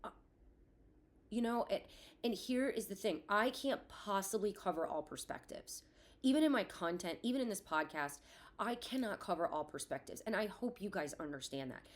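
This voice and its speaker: A woman in her thirties hosting a candid solo podcast, blunt and profane, swinging between ranting and quiet reflection. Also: mid-range voice, lively intonation, normal speed. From Florida. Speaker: podcast host.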